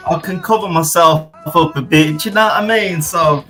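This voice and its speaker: A man's voice: fairly high pitch, normal speed, bright, forceful tone, soft background music. A British man calling in to a chat show over a weak connection, talking brashly and casually, swearing a lot and saying "bro" constantly. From United Kingdom. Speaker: caller. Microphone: remote call with a weak connection.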